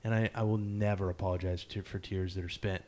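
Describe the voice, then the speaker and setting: A man with a slightly low voice hosts a relaxed podcast conversation. He talks in loose, rambling runs packed with fillers. His tone stays earnest and openly emotional. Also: brisk. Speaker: podcast host. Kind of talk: casual interview chat.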